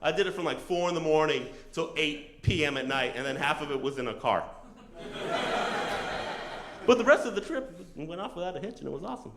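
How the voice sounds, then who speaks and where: Animated, profane male storyteller on stage. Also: a little high, a little fast, roomy sound, a little hiss or hum. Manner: animated, casual, profane, acts out other people's lines. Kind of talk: live storytelling. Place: comedy stage before a live audience.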